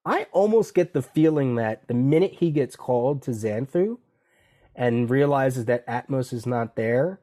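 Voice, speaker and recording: A man on a podcast walks through a comic issue by issue, slipping into the characters' lines as he goes. His voice sits at an average pitch with a dark, mellow tone. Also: a little slow. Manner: animated, quotes dialogue in character, many restarts. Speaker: podcast co-host. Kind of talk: casual comic discussion.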